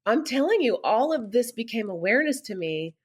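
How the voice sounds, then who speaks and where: A woman's voice: fairly high pitch, sing-song, a little fast, breathy edge. A middle-aged woman, a podcast guest, telling personal stories candidly and animatedly, laughing often as she talks. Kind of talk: candid conversational storytelling.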